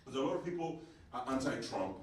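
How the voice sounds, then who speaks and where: A man from Uganda, performing a live stand-up set of conversational stories that burst into yelled punchlines. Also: mid-range voice, expressive, fairly quick. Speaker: stand-up comedian. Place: theatre stage with live audience. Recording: echoey theatre, distant mic, audience laughter.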